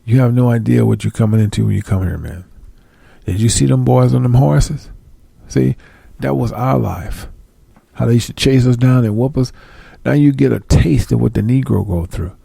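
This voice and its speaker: Blunt, gravelly man ranting. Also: medium pitch, normal speed, dark tone, no room sound. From United States. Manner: blunt, profane, confrontational, asks rhetorical questions. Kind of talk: heated monologue.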